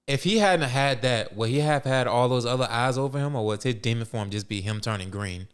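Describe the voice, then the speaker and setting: A man's voice: mid-range voice, fairly quick, clean tone. A man co-hosting a podcast in casual chat, recapping anime plot points in a laid-back way. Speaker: podcast co-host.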